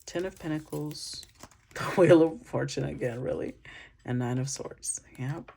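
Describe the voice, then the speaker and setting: A woman's voice: low-pitched, a little slow, vocal fry, dark tone, slight background noise. A woman giving an intuitive tarot reading to her viewers, musing and conversational as she thinks aloud. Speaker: tarot reader.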